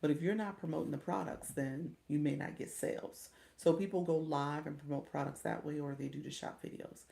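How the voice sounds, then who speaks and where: A woman's voice: low-pitched, steady tone, brisk, creaky, warm tone. A woman livestream coach chatting casually with her viewers, reading the chat aloud and laughing often.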